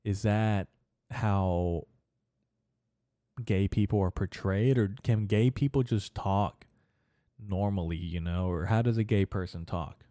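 A young man rambles through his own solo podcast in a low, dark, mellow voice, swearing freely and laughing at his own jokes. The recording is dry and close, with no room sound around him. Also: takes it slowly, pauses often, dry recording. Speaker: podcast host. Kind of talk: casual solo podcast monologue.

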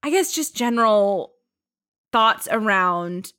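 A woman's voice: mid-range voice, animated, takes it slowly, pushed and bright. A woman co-hosting a podcast, chatting casually about a book she read, laughing often and acting out quotes. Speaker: podcast co-host.

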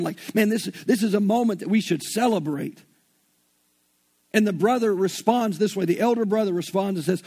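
A man's voice: high-pitched, moderate pace, darkish tone, slightly rough. A man with a Southern US accent preaching an earnest, folksy sermon and retelling scripture in everyday slang. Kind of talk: conversational sermon.

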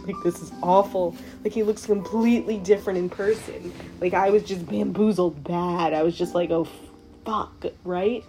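A woman's voice: lowish voice, fairly even intonation, moderate pace, warm tone, soft background music. A young woman hosting her own show, telling a story in a casual, chatty way, swearing and saying "like" a lot. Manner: profane, chatty, heavy use of "like". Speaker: show host.

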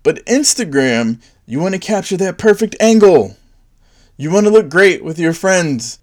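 Young adult male comic, sarcastic, lively pitch, a bit on the high side for a man. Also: a little slow. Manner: sarcastic, swings into high mocking put-on voices for bits. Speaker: comedian. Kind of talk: stand-up style comedic monologue.

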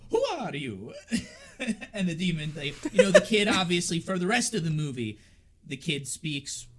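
A man co-hosting a casual horror movie podcast, chatty and quick to laugh, with lots of filler words. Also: fairly high pitch, a bit bright. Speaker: podcast co-host.

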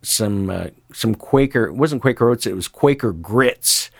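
A man's voice: medium pitch, animated, a little slow, no room sound, studio quality. An older man chatting as a guest, telling rambling stories with lots of fillers. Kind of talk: casual conversation.

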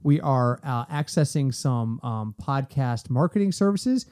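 A man hosting a sports podcast in casual chat, animated and ranting in quick bursts. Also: medium pitch, clear, resonant tone. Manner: animated, talks fast in bursts and rants.

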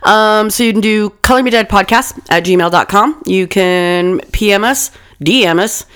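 A woman co-hosting a loose, comedic podcast. She talks in an animated, profane way, laughing and stumbling as she reads from her notes into a desk mic. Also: mid-range voice, normal speed, smooth. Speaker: podcast co-host. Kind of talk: casual comedic podcast chat, reading notes.

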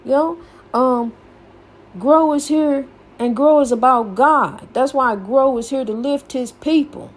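A woman's voice: sits high, unhurried. An older woman hosting a podcast, giving a folksy, preachy motivational talk and repeating her phrases for emphasis. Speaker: podcast host.

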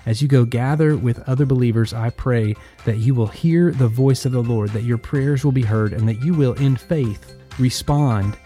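Man, pastor, devotional podcast, earnest scripture reading, deep mellow timbre. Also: moderate pace, few pauses, faint music behind.

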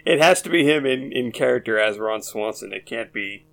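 A man's voice: medium pitch, animated, moderate pace, vocal fry, fairly bright tone. A man co-hosting a podcast, speaking hesitantly in casual chat. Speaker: podcast co-host.

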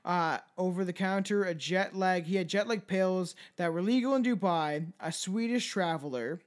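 A man's voice: high-pitched, moderate pace. A man hosting a casual chat, reading out odd news stories in a profane, joking way and stumbling over foreign names. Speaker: podcast host.

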